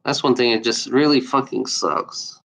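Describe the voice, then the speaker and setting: A man vents in a loose, unscripted video rant. He speaks bluntly and swears often, stumbling through restarts and fillers. His voice sits at an ordinary middle pitch. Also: moderate pace, gravelly, a bit bright, low-quality recording. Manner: blunt, profane, repeats himself with many fillers. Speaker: video maker.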